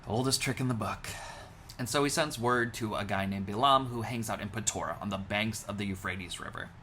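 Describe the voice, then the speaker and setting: A rabbi retelling a scripture story as comedy, with wry, deadpan asides. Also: male voice, on the low side, fairly quick, a little hiss or hum.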